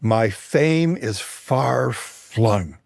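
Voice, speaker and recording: A man briefly voicing a proud, weary ancient warrior-hero in a slow, solemn declaiming tone. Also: medium pitch, expressive, vocal fry, darkish tone, no echo, clean studio sound, heavily acted.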